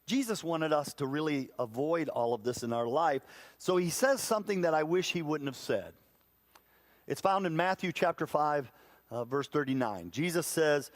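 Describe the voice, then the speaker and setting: A man delivering a sermon to his congregation with a voice that sits a little high for a man. He preaches like he's chatting, stumbling over and repeating words as he goes, and pokes fun at himself between stories. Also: expressive. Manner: conversational storytelling, quick to laugh at himself; restarts and repeats words mid-thought. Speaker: pastor. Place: church sanctuary before a congregation.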